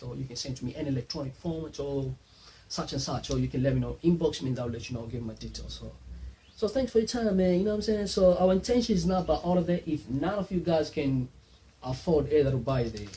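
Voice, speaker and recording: A man, a tutor, thanking his viewers in a casual, warm way and calling them "man" again and again. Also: medium pitch, slight background noise, rough recording. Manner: warm, repeats "man" constantly. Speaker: online maths tutor.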